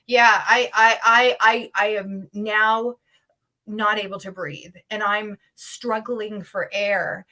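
A woman's voice: mid-range voice, steady tone, takes it slowly, pushed and bright. A woman guest in an interview recounting a personal story earnestly and urgently, with frequent restarts. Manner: emotional, intense storytelling.

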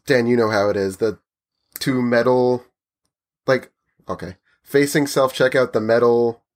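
Animated man telling a story. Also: medium pitch, measured pace. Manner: animated, acts out the people in his story. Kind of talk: casual storytelling chat.

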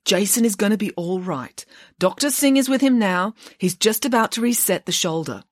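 A woman voicing a harried school official who tries to calm an angry parent. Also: medium pitch, normal speed, no echo, studio quality, voice pushed up, natural voice. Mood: placating. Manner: soothing, placating. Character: harried male school deputy trying to calm things.

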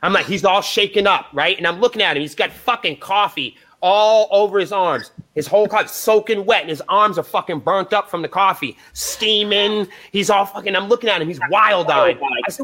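A man with a high voice tells a rowdy story with lots of swearing. He acts out the lines of the people in the story and speaks in a casual, animated way. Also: fairly quick, hardly any pauses. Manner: profane, animated storyteller acting out dialogue. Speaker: band member guest. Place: live podcast interview.

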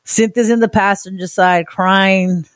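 A woman from Southern California, co-hosting a podcast and telling a wild story in a casual, profane, animated way. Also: mid-range voice, measured pace. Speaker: podcast co-host.

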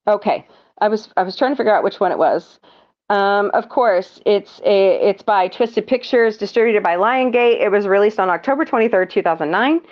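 A woman's voice: medium pitch, normal speed. A woman hosting a casual movie recap podcast, rambling with frequent ums and laughs. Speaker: podcast host. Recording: dull lo-fi audio.

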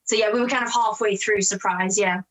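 An actress with an English accent chatting as a guest, talking quickly and laughing often. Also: female voice, mid-range voice, fairly even intonation, a bit bright, poor audio. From England. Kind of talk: casual interview chat.

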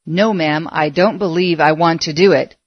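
A stubborn, wounded teenage country boy speaks sullenly, fighting back tears, voiced by a woman reading the story. The voice sits low, and the recording is dry and close. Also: fairly even intonation, normal speed, dry recording, lo-fi sound. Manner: sullen, tearful.

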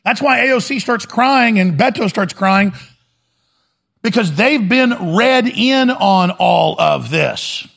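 A man's voice: sits high, animated, slow pace, a bit bright. A man hosting a talk show, delivering an urgent, fiery monologue full of repetition. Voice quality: gravelly. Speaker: radio talk host. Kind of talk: impassioned monologue.

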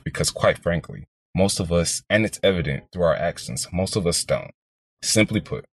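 A man in his twenties from Houston, Texas, hosting a podcast and telling a story in an energetic, motivational monologue aimed straight at listeners. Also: low-pitched, no room sound. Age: 20s. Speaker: podcast host, real estate investor.

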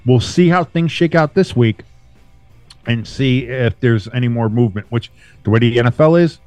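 A man's voice: medium pitch, moderate pace, dry recording. A man hosting a laid-back sports podcast in a loose, profane way, his voice jumping up for emphasis. He sits close to a dry microphone. Faint music plays underneath. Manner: loose, profane, animated banter. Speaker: podcast host. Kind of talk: casual sports chat.

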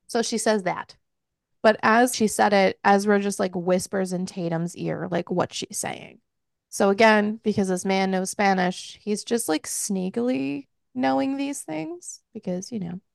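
A woman's voice: mid-range voice, unhurried, creaky, no room sound, studio quality. A woman hosting a podcast, casually and frankly recapping a book with lots of filler words. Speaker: podcast host.

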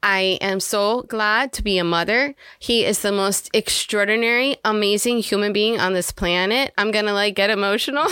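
A woman's voice: mid-range voice, moderate pace, hardly any pauses, pushed and bright, clear, resonant tone, no room sound, clean studio sound. A woman telling her story as a podcast guest in a chatty, casual way, with many "like"s and "um"s. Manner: chatty, frequent "like" and "um", laughs often. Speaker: podcast guest, filmmaker, singer and actor. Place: lives in South Florida.

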